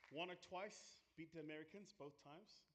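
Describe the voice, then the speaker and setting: A man's voice: fairly high pitch, normal speed, background noise. A South African man in his forties, giving a joking conference keynote talk straight to the crowd from the stage. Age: 40s. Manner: joking, playful, addresses the audience directly. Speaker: keynote speaker.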